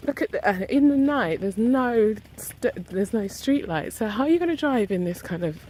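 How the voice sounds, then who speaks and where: A woman's voice: a little high, lively intonation, normal speed, a little mellow, a little hiss or hum, rough recording. A woman casually recounting a story to camera, animatedly acting out both sides of an argument. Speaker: vlogger.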